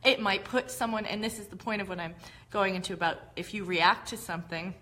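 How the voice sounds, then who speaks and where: A woman hosts a live-streamed teaching talk, explaining her ideas in a relaxed, conversational way. Her voice sits at a middle pitch, and she talks her points through with examples. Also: a little fast, slight background noise. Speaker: host.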